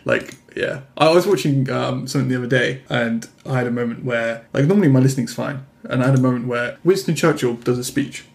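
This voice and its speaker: A man hosts a relaxed chat, with a gravelly edge to his voice. He laughs often and keeps nodding along with quick agreement. He tells his stories at an easy pace. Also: mid-range voice. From Britain. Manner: laughs often, frequent "yeah" backchannels. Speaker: interview host. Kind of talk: casual interview chat.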